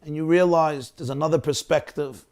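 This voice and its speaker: A male rabbi telling a story in a sermon over a video call, animated and acting out the quotes. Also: fairly high pitch, normal speed.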